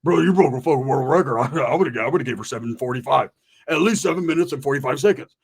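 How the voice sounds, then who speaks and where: A man's voice: medium pitch, fast, husky. A man voicing a stoned, laid-back young male friend with loose street slang. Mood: amazed.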